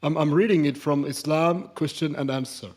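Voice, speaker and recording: A man in an online voice-chat debate, reading quoted passages aloud at a measured pace. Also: on the high side, darkish tone.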